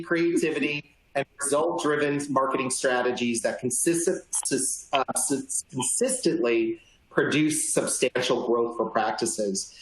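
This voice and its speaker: A man hosts a webinar, introducing the speaker in a friendly, slightly halting way with a few restarts. His voice sits in the middle range and carries a roomy echo. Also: medium pitch, a bit bright. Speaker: webinar moderator.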